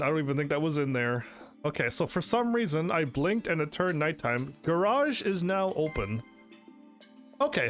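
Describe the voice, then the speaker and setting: A man hosting a let's play, reading game text aloud and reacting with excited, sarcastic commentary. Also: high voice. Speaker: gaming channel host. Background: faint game music.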